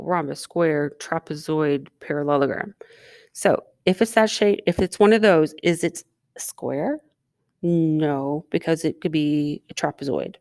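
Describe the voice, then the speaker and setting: Woman teacher, recorded math lesson, chatty, quizzes students as she writes, fairly low voice. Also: a little mellow, no room sound, clean studio sound. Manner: chatty, asks students questions while writing.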